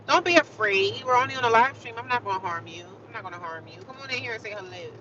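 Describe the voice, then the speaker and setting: A woman's voice: medium pitch, animated, fast, hardly any pauses. A woman livestreaming outdoors in the city, chatting casually and sassily with her viewers and laughing often. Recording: dull lo-fi phone audio with loud street noise.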